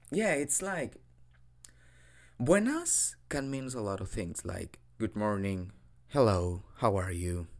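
A man in an improvised ASMR role-play as a dorky boyfriend, gently teaching with hesitant, halting phrasing. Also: fairly low pitch.

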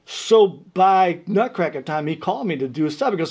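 Husky fifties New man, raised pitch, animated anecdote-teller. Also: moderate pace. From New York. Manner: animated storyteller, loud when acting out quotes. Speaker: guest musician. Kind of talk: casual interview storytelling.

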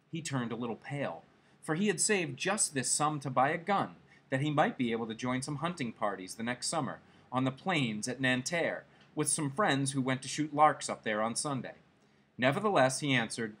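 Husky, expressive male story reader. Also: mid-range voice, moderate pace. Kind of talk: reading a classic short story aloud.

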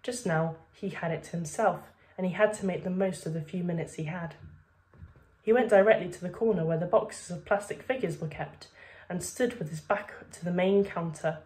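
Brief: woman reader, lowish voice, expressive storybook read-aloud. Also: moderate pace.

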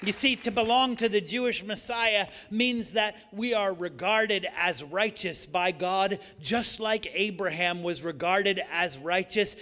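A man preaching with a notably high voice, his words ringing out through a church with a long reverb. His delivery is emphatic, climbing to loud, repeated declarations. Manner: emphatic preaching that swells to shouted repetitions. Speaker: pastor. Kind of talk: sermon. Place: church sanctuary.

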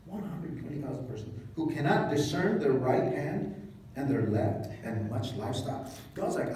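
A man preaching a sermon as pastor, retelling scripture in a casual, joking way with animated asides. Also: mid-range voice, normal speed, a little hiss or hum. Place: church hall. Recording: echoey hall, mic at a distance.

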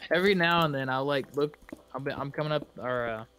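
A man's voice: fairly high pitch, fairly quick, sharp tone, soft background music. A man chatting playfully during a game, given to dramatic outbursts. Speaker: gamer. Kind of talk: casual gameplay chat.

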